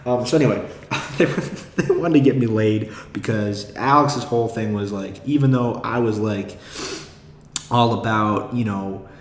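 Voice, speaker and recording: A man's voice: fairly low pitch, unhurried, slight background noise. A young man hosting a podcast, talking in a rambling, self-deprecating way with lots of fillers and swearing. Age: young adult. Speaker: podcast host. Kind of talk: casual monologue. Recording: echoey room.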